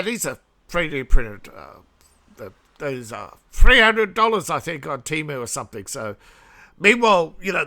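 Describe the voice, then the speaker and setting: A man's voice: a little high, creaky, sharp tone. An Australian man hosting a casual news commentary vlog, rambling and sarcastic, chuckling at his own jokes. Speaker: host.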